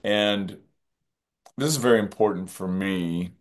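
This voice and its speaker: A man's voice: deep voice, measured pace. A man, a film director as guest, talks in a reflective interview, earnest and musing, often repeating phrases.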